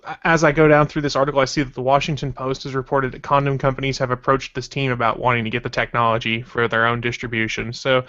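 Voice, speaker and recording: A man's voice: mid-range voice, fast, hardly any pauses, muffled recording. A man hosting a casual podcast, loosely reading out news and chat messages. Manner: relaxed, rambling, reads out news and chat messages. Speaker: podcast host.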